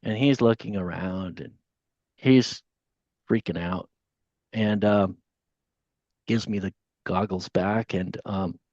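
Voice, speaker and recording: A man telling a story on a podcast as a guest. He is casual and animated, and he acts out the voices of the people in his tale. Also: low-pitched, takes it slowly, long pauses, no room sound. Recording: dull, dry lo-fi audio.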